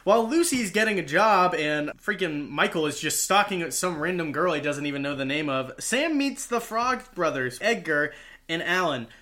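A man's voice: on the high side, animated, normal speed, sharp tone. A man co-hosting a casual podcast, retelling a movie plot with wry offhand asides. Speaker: podcast co-host.

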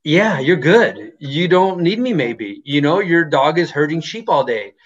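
A man's voice: a little high, very animated, unhurried, breathy edge, highs cut off. A man who runs a dog business, talking casually in an interview and rambling with lots of fillers. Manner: rambling, many "you know" fillers. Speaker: dog-running business owner.

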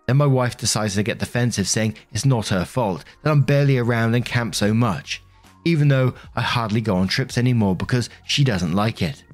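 Low-voiced man narrating steadily. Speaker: narrator of online stories. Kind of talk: scripted narration.

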